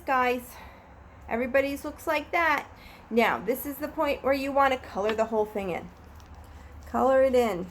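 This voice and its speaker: A woman teacher giving a gentle, patient, step-by-step craft demonstration for children and their families. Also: high voice, a little hiss or hum.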